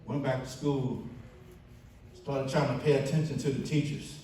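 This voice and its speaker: A man of medium pitch and moderate pace gives a banquet testimony as keynote speaker, captured from a distance in a church hall full of echo. He spins stories, breaking into animated impressions of quoted friends.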